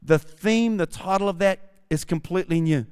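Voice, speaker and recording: A man's voice: sits high, moderate pace, a little mellow, clear, resonant tone. A man with a New Zealand accent, a campus pastor preaching a sermon and reading scripture aloud with rising fervor. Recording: long hall reverb.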